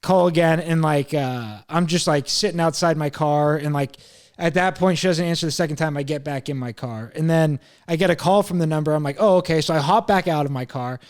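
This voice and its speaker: Young male host, slightly high pitch, loose casual storyteller who swears freely. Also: brisk. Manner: rambling, swears a lot, quotes himself, laughs at himself. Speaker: podcast host.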